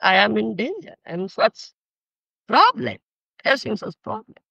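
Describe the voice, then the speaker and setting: A man's voice: high-pitched, sing-song, a little slow, gravelly, pushed and bright, breathy edge, dry recording, full character voice. An older man voicing Draupadi as an anxious woman pleading for help, in a dull lo-fi archive recording.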